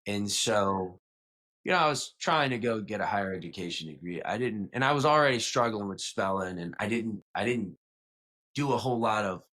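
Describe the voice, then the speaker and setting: As a podcast guest in a casual storytelling interview, a young Louisianan from south of New Orleans speaks with a faint South Louisiana accent. His low-leaning, fairly bright voice is animated and moderately paced; he rambles, self-corrects, and says "like" and "you know" a lot.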